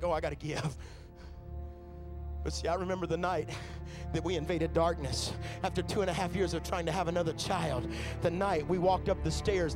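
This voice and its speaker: A high-pitched male preacher with a gravelly edge tells stories from the pulpit, climbing from quiet talk into shouting. He is middle-aged, and soft music plays behind him in the church. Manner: storytelling, building to shouts. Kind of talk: sermon.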